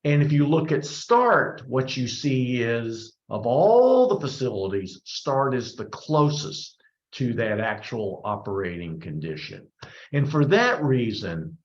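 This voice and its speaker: A man presenting a workshop, answering audience questions in a conversational way and often repeating words as he rethinks. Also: mid-range voice. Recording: roomy, dull lo-fi sound.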